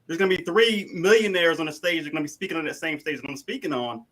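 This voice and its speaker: A man talking as a guest speaker on a panel show, energetic and often tagging "right?" onto his points. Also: a little high, fast, low-quality recording. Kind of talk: casual panel talk.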